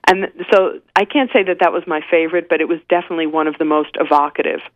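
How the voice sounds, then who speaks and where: A woman's voice: sits low, fast, no echo. New woman on a tinny phone line. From New York. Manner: animated storyteller, frequent restarts. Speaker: guest author. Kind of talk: phone interview.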